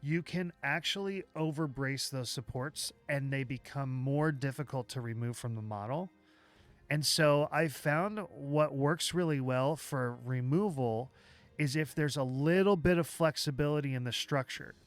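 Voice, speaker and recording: A man hosting a livestream, walking through software live while thinking aloud, with halting restarts, and chatting with viewers as he works. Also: medium pitch, faint music behind. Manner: chats with viewers while working. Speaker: livestream host.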